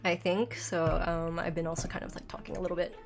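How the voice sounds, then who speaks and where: A woman's voice: fairly low pitch, fairly even intonation, quick pace, vocal fry, soft background music. A woman streaming a game and chatting casually, her throat dry from illness and her speech slightly lisped by dental aligners. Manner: chatty, rambling, reads chat aloud. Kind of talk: casual live gameplay chat.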